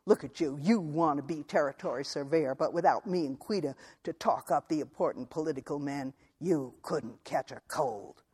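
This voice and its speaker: A man voicing a hoarse, middle-aged frontier wife who answers her husband with biting scorn in an audiobook. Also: a little high, moderate pace, hardly any pauses, darkish tone, long reverb tail. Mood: scornful. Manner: sobbing, then scornful and biting. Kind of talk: audiobook character voice.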